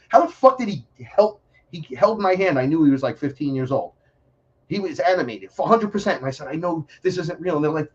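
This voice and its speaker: A man telling stories in a casual interview, animated and profane, acting out other voices as he talks. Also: on the high side, fairly quick, husky, lo-fi sound. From New York City. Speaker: podcast guest.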